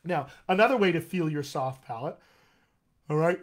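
Upbeat, high-voiced male dialect coach. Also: expressive, normal speed. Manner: upbeat, chatty teacher with frequent "all right". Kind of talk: live-streamed voice lesson.

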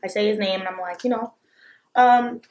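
Young woman vlogger, storytime mukbang, blunt and lively, mid-range voice. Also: medium pitch, normal speed, slight background noise. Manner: animated, blunt storytelling with swearing.

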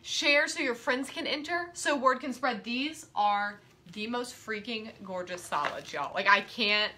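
A woman hosting a live-streamed quilting class, bubbly and excitable, chatting and easily sidetracked. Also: fairly high pitch, unhurried, slight background noise. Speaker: quilting teacher and host.

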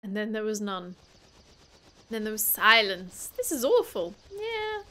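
A woman's voice: mid-range voice, big pitch swings, a little slow, bright, forceful tone. A woman commenting casually on a video game she is playing, thinking aloud in a chatty way and swearing playfully. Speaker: gaming YouTuber. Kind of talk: casual let's-play commentary. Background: game music.

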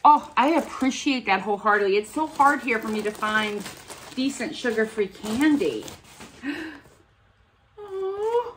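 A woman's voice: fairly high pitch, normal speed, a bit bright, slight background noise. A woman vlogging as she opens gifts, gushing and gasping with delight. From United States. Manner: gushing, gasping, breathy exclamations. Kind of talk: casual unboxing chat.

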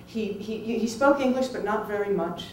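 A woman's voice: mid-range voice, normal speed, a little hiss or hum. Middle-aged woman telling a story in a roomy hall. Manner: lively, conversational, acts out other people's lines. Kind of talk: personal anecdote told to an audience. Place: film festival venue. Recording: roomy, distant mic with faint ambience.

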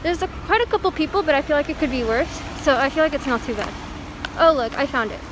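A young adult woman from Texas, a vlogger with a high, girlish voice, talks into her handheld phone camera on a college campus and in her dorm room. Her casual vlog is bubbly, chatty and rambling, packed with "like" and "literally," with lively intonation and a quick pace. A faint hum of her surroundings sits underneath.

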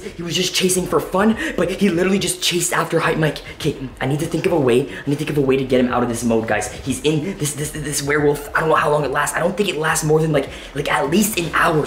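A man hosting an excited challenge vlog, talking to his viewers in a jittery, dramatic way and often dropping to a hushed whisper. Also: fairly high pitch, roomy sound, a little hiss or hum. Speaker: YouTube host.

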